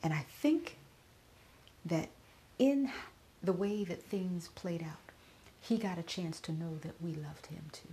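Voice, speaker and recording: Woman, middle-aged, grieving, soft half-whispered delivery, lowish voice, personal reflection. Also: takes it slowly, long pauses, a little hiss or hum. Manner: soft, often slipping into a whisper. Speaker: podcaster.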